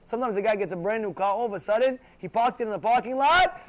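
A man teaching a religious class, animated, often acting out quarrels and asking if listeners follow. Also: high-pitched, fast, hardly any pauses, a little hiss or hum. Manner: animated, acts out shouting voices, asks "you know?" often. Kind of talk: Torah class sermon.

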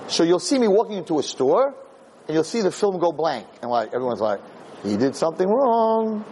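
A man who lectures on Jewish themes, delivering an animated, dramatic storytelling sermon. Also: a little high, a little fast, a little hiss or hum, rough recording.

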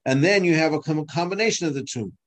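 A man teaching a halacha class, explaining step by step with frequent restarts and fillers, and sounding out words to show their pronunciation. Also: fairly high pitch. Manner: halting, with many restarts and fillers. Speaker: Torah teacher.

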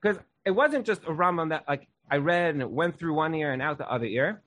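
A man's voice: on the high side, lively intonation, brisk, fairly bright tone. A young man teaching a Torah class in an earnest, casual way, often saying "like". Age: young adult.

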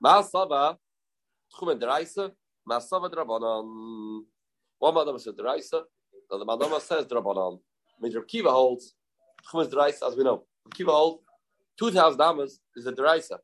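A man's voice: fairly high pitch, lively intonation, fairly quick, fairly bright tone. A man teaching a Talmud lesson, chanting quoted verses in a sing-song and asking and answering his own questions. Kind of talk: Talmud lecture.

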